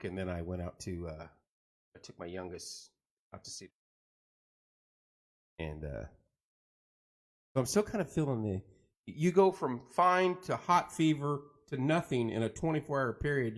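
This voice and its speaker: A middle-aged man hosting a casual live chat, joking and rambling as he tells stories and greets viewers. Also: fairly low pitch. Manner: joking, rambling, animated storytelling. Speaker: host of a live chat show.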